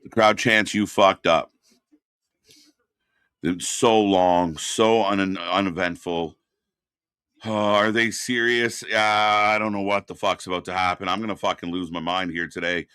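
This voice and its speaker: A man hosting a live wrestling watch-party stream, ranting with exasperation and profanity, then answering chat messages more calmly. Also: sits low, measured pace, clear, resonant tone, no room sound, clean studio sound. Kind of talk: live reaction commentary, reading chat.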